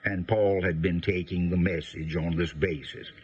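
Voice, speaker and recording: Husky-voiced man teaching the Bible. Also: deep voice, fairly even intonation, a little mellow, highs cut off. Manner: folksy, unhurried, frequent filler pauses.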